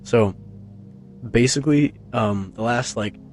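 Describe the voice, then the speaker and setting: A man's voice: takes it slowly, soft background music. A man vlogging at home in a casual, rambling way, full of fillers and restarts, talking close into a tabletop microphone. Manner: rambling, many fillers and restarts, low-key. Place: carpeted room at home. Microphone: tabletop USB microphone, close, with headphones on.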